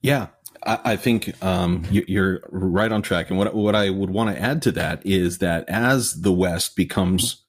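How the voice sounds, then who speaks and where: Man, podcast host, lowish voice, measured, thoughtful, casual conversation. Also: husky. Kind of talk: conversational reply.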